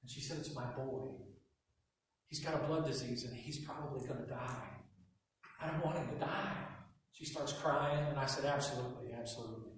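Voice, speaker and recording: A man preaching a sermon as pastor, telling stories with quiet asides and loud emphatic bursts. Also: medium pitch, normal speed, long pauses, a little hiss or hum. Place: church hall. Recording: echoey hall from far off.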